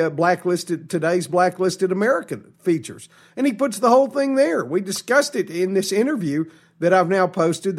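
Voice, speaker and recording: A man hosting a political talk show, emphatic and indignant, with frequent restarts. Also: high-pitched. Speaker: radio show host.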